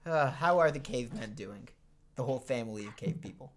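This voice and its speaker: A man's voice: medium pitch, expressive, fairly quick, a little hiss or hum. A man hosting a fan podcast over a remote call from home, teasing his co-host in a playful, upbeat way. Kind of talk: casual chat.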